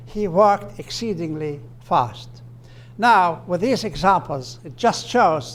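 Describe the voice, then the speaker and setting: A man giving a grammar lecture, slowing down and stressing his example phrases. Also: high voice, a little hiss or hum. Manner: explanatory, with fillers and restarts. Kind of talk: recorded lecture.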